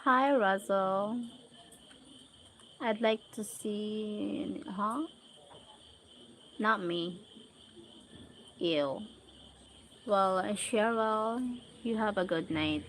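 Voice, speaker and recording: A woman with a Filipino accent chats on a casual livestream, greeting and thanking viewers one by one. Her delivery is slow and relaxed, with a gravelly, creaky texture. A faint hiss sits under the voice. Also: mid-range voice, poor audio. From Philippines. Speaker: livestream host. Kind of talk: casual livestream chat reading comments.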